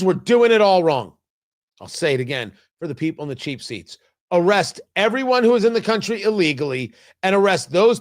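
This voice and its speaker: A male talk show host, delivering a combative opinion monologue and hammering his points with repetition. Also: sits high. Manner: emphatic, combative, repeating lines for stress.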